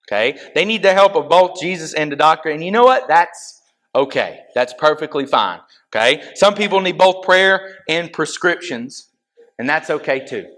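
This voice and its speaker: Young pastor, chatty and direct. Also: male voice, on the high side, a bit bright. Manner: conversational, checks in with frequent "okay?"; talks straight to the audience, asks them questions. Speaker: youth pastor. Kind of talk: casual youth sermon.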